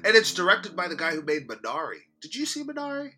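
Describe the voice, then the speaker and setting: Male podcast co-host, bright sharp tone, lively pitch, giggly and teasing. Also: quick pace. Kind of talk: casual chat.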